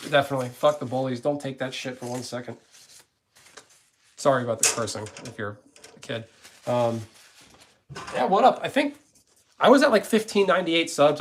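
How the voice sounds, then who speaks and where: Blunt, cursing man with a higher voice. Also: a little hiss or hum. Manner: rambling and blunt, with frequent cursing. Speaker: gaming streamer. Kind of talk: casual live-stream chat with viewers.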